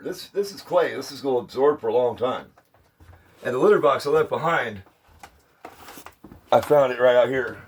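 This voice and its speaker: A man's voice: medium pitch, husky. A middle-aged man talking to the camera in a rambling casual vlog, chatty and meandering, with grumbling asides. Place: outdoors near a dumpster.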